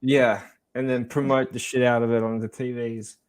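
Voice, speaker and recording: Man, mid-pitched voice, podcast co-host, casual, swears a lot, rambling. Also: little pitch movement, normal speed, clean tone. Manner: swears freely, loose and rambling.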